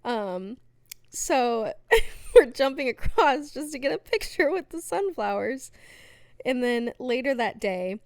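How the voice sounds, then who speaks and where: A young adult woman guesting on a podcast tells stories in casual chat, animated, laughing often and using lots of fillers. Her voice is high-pitched and slow, recorded with studio quality and no echo.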